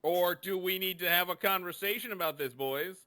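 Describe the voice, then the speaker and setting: A man's voice: sits high, a little fast, sharp tone, dry recording, studio quality. A man running a tabletop game session as game master, in a playful, teasing and sing-song way.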